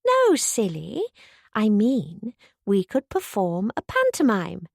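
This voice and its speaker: A woman's voice: medium pitch, wildly swooping pitch, slow pace, vocal fry, dry recording, studio quality, heavily acted. A woman voicing an eager, bubbly young woman who gushes with enthusiasm. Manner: eager, gushing.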